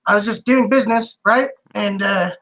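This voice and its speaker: A game master voicing an angry, foul-mouthed male bartender who shouts and complains frantically. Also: mid-range voice, normal speed, a little hiss or hum, close to an everyday voice, low-quality recording. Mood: aggrieved.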